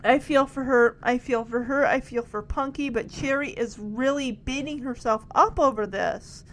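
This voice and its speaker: A woman's voice: high voice, normal speed, fairly bright tone, a little hiss or hum. A woman hosting a TV reaction video, recapping scenes in an emotional, gushing way. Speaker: TV show reaction host.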